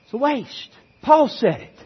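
A pastor preaching a sermon, pleading and swinging from quiet talk to impassioned urging. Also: male voice, extremely high pitch, big pitch swings, a little slow, slightly rough, lo-fi sound.

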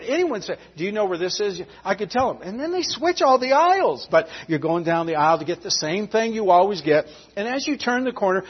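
Husky high-voiced folksy preacher man. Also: dull audio. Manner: folksy storytelling, addresses the congregation directly. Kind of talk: sermon.

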